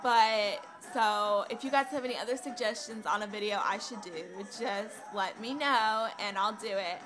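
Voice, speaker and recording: A woman's voice: fairly high pitch, moderate pace. A young woman vlogging a personal story, rambling and hesitant with many fillers.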